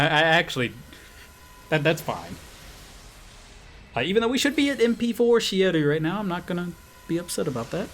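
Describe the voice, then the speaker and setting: A man commenting on his gacha rolls, getting excitable, swearing and pleading with the game. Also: a little high. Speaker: game streamer.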